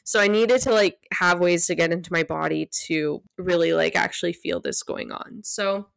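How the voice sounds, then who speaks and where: A woman hosting a solo podcast, talking gently and guiding listeners through a practice, sometimes dropping to a hush. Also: lowish voice, fairly even intonation, creaky, clean tone, no echo, studio quality. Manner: soft, gentle, unhurried guidance; drops to a hushed near-whisper when demonstrating. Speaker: podcast host.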